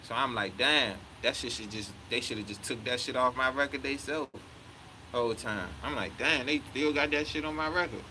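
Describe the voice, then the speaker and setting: A man's voice: medium pitch, normal speed, bright, forceful tone, a little hiss or hum, low-quality recording. A man in his thirties telling a story in a heated, profane way, often quoting himself. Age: 30s. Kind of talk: casual storytelling rant.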